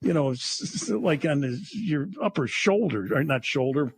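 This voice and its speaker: A man's voice: a little high, expressive, normal speed, creaky, a little hiss or hum. A man co-hosting a talk show, teasing and incredulous as he reacts to his partner's story. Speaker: co-host. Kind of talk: casual chat.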